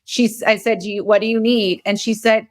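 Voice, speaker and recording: A woman's voice: medium pitch, level tone, fairly quick. Tired, candid woman in her forties. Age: 40s. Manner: candid, emotional, rambling with restarts. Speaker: podcast host. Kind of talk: casual personal storytelling.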